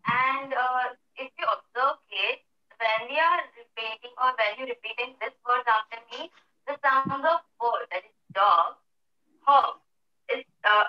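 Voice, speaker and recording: A woman teacher who reads a children's poem and explains rhyming words in a slow, deliberate way. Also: fairly high pitch. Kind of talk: reading a poem and explaining rhymes. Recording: echoey, distant, lo-fi.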